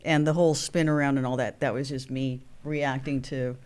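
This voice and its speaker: A woman in her sixties, a guest actress, telling animated stories and acting out the voices of people in them. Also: a bass voice, moderate pace, clean tone. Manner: animated storyteller, acts out quoted voices. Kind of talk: storytelling interview.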